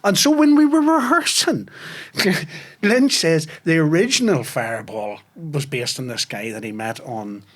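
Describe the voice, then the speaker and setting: A man's voice: a little high, unhurried. A man, a podcast guest telling comic stories in a casual chat. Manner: animated anecdotes with voices and laughter.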